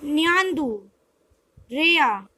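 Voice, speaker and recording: Slow, high-voiced woman teaching vocabulary. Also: animated, bright, forceful tone, low-quality recording. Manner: measured, word-by-word reading. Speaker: language teacher. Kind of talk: scripted vocabulary lesson.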